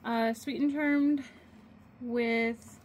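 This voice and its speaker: A woman's voice: on the high side, steady tone, very slow, a little mellow, a little hiss or hum. A woman vlogging casually from her home sewing office, rambling through her craft work with lots of fillers. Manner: rambling, filler-heavy, chatty. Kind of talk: casual chat. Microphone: phone camera.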